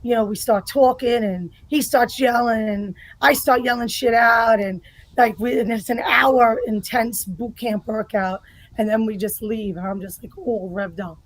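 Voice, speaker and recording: Blunt, profane woman, high voice. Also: steady tone, unhurried, dry recording, low-quality recording. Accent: New York area. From United States. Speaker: guest, political ranter. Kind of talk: casual podcast chat.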